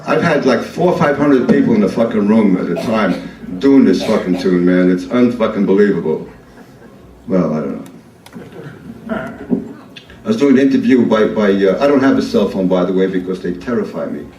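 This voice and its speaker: A man's voice: fairly low pitch, moderate pace, mellow, a little hiss or hum. A man in his seventies doing a profane, rambling comic monologue on a live club stage, full of restarts. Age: 70s. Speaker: performance artist. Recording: roomy live club sound, distant mic.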